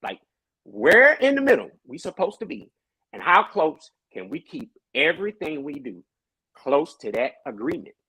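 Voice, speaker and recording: A man who is a pastor, talking in a casual podcast discussion with animated, preacher-like storytelling. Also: on the high side, normal speed, breathy edge, no room sound, rough recording.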